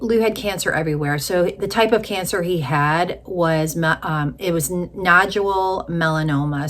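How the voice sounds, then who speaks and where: A middle-aged woman, a widowhood coach, telling a personal story in a tender, emotional way that often drops to a hushed near-whisper. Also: fairly low pitch.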